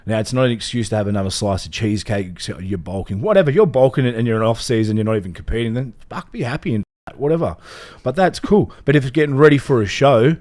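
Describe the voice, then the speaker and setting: A man's voice: mid-range voice, quick pace, hardly any pauses, a little mellow. An Australian man co-hosting a casual podcast, laid-back and rambling, swearing freely. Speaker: podcast co-host.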